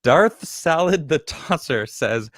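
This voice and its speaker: A man hosting a casual political talk show, reading viewer comments and joking in an animated, emphatic way. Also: fairly high pitch, slow, no echo, clean studio sound. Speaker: podcast host reading super chats.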